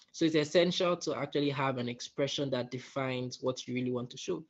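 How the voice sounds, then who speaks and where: A man's voice: medium pitch, fairly even intonation, fairly quick, hardly any pauses. Man lecturing a workshop, lo-fi sound. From West Africa. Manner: conversational, often checks in with "right?". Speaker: workshop facilitator. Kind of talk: soft-skills workshop lecture.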